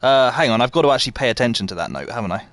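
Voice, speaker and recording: A man's voice: medium pitch, lively intonation, very fast, a bit bright, dry recording. A man live-streaming a game, chatting casually and answering viewers as he plays. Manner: chatty, reads out and answers viewers while playing. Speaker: livestreamer playing a game.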